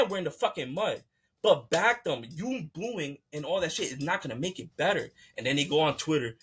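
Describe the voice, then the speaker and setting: Brisk and expressive, this American podcast host's slightly high voice has a fairly bright tone, with a little hiss or hum on the recording. His casual rant is heated, profane, and full of repetition.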